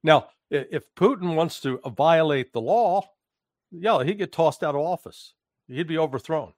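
A man giving political commentary in conversation, emphatic and halting, with restarts and fillers. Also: on the high side, lively intonation, darkish tone, no room sound, clean studio sound. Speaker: guest commentator.

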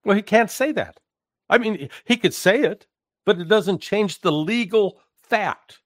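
A man giving political commentary in conversation, emphatic and halting, with restarts and fillers. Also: high-pitched, no echo, clean studio sound. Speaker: guest commentator.

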